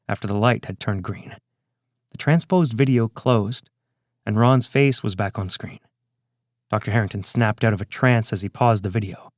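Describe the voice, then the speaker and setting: A man reading scripted narration of a serial story in a steady storytelling manner. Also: lowish voice, no echo, clean studio sound.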